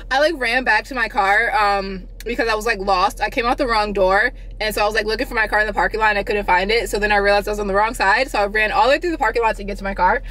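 A young woman vlogging in a casual, chatty way, her voice jumping up high when she gets excited. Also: fast talker, hardly any pauses. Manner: chatty and animated, swoops up high on exclamations. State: out of breath. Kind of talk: casual vlog chat.

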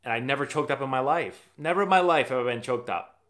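A Massachusetts man talks fast in a mid-range, slightly bright voice while hosting a laid-back live stream. Answering viewers' questions, he rambles like a chatty storyteller and often begins sentences again.

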